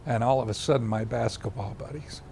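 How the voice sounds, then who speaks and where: Older man, animated storyteller, soft-spoken at times. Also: mid-range voice, a little fast, creaky, slight background noise. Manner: animated storyteller who acts out others' lines; drops to a hushed, soft voice for tender moments. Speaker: interviewee. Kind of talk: personal storytelling.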